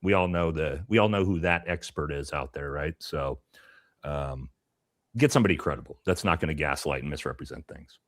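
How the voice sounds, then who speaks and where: A man's voice: very deep voice, a little fast. A man giving blunt, casual commentary as a panelist on a live stream, pressing his points with rising emphasis.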